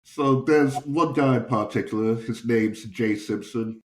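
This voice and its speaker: A man's voice: mid-range voice, unhurried, reverberant. A young man and stand-up comedian, hosting a podcast and telling a profane anecdote in a casual, chuckling way.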